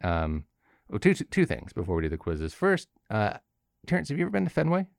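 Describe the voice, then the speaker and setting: Deep-voiced young guy chatting on a podcast, rambly, keeps restarting, dry sound. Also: huge pitch swings, a little fast, gravelly, no room sound. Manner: rambling, self-deprecating, frequent restarts. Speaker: podcast co-host. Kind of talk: casual chat.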